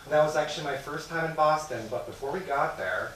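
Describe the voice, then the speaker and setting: A man's voice: fairly high pitch, fast talker. Man telling a story, far off in a hall. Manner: animated, laughing storyteller. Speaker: speaker at a memorial service. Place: congregation hall. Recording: echoey room from far off, noisy.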